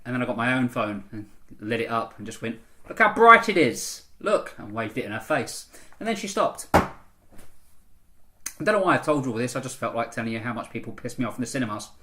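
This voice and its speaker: A man talking straight to camera in a casual vlog, chatty and rambling, with frequent ums as he reviews a film. His pitch sits in an ordinary middle range. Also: animated, a little fast, fairly bright tone, slight background noise.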